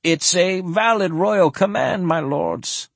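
A man voicing a frail, sad old earl who speaks in a formal, measured way. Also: high voice, vocal fry, dry recording, voice pushed up, exaggerated voice.

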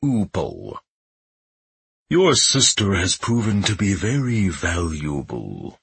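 A man's voice: low voice, very animated, a little slow, slightly rough, no echo, full character voice. A man voicing a snide male demon who speaks in a stolen man's voice and mocks his captive with amusement. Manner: mocking and amused.

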